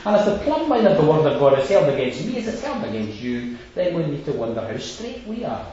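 A man's voice: fairly high pitch, very animated, fairly quick, mellow, a little hiss or hum. A man preaching an expository sermon, stressing points and repeating phrases as he builds. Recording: echoey hall, distant dull lo-fi mic.

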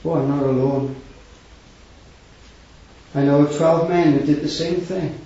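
A man preaching a heartfelt sermon, swinging between loud raised passages and hushed low ones, with scripture quoted in old wording. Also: fairly even intonation, unhurried. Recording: echoey hall, distant mic, dull lo-fi sound.

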